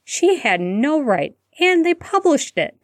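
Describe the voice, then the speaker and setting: A woman reading aloud, voicing an earnest teenage schoolgirl who exclaims in quick, hurried bursts. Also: mid-range voice, lively intonation, no room sound, studio quality, close to an everyday voice. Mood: indignant.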